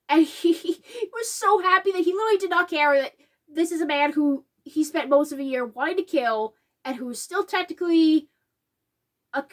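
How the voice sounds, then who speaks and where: A woman giving a casual, emotional reflection on a film. She talks animatedly and gets choked up. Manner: animated, acts out quotes in a higher voice. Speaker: video essayist.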